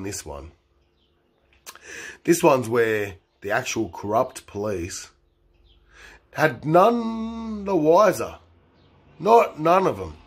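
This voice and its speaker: Slow, rambling man. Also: lowish voice, breathy edge. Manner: meandering, filler-heavy, swings between loud and murmured. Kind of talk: rambling improvised storytelling.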